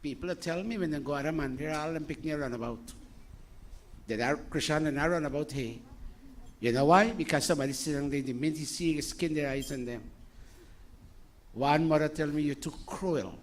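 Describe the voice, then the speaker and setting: Older spiritual teacher in his sixties, lively and scolding, slightly high voice, loose informal sermon delivery. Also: brisk, long pauses. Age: 60s. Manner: animated, scolding, jokey asides, rhetorical questions.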